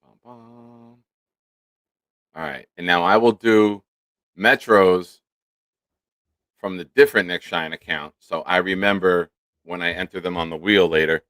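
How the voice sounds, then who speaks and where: A man's voice: low voice, a little slow, long pauses, no room sound. A man hosting a casual sports livestream, thanking supporters by name and swearing freely. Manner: animated, swears casually, reads out supporter names. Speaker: sports talk show host.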